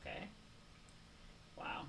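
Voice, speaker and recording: A woman's voice: slow, pushed and bright, recorded from a distance, slight background noise, poor audio. Chicago woman recapping a movie, a bit off-mic. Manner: reads a plot summary aloud with sarcastic asides and laughs. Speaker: podcast co-host. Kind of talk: casual movie recap podcast.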